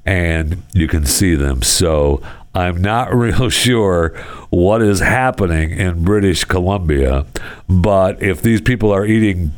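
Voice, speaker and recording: A man's voice: sits low, clear, resonant tone. A man hosting a casual talk show, rambling through odd news stories with sarcastic asides and frequent chuckles. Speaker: podcast host.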